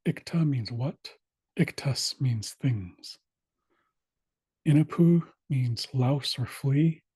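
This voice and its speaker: A man teaching an online language class, walking through old dictionaries in a plain, steady way with frequent pauses and fillers. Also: medium pitch, slightly rough, no room sound. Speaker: language instructor. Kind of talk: online class screen-share walkthrough.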